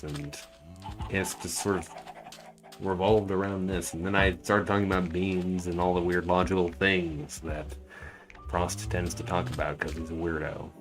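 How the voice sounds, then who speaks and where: A man streaming a game and chatting casually, thinking aloud as he plays. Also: deep voice. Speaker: streamer and voice actor.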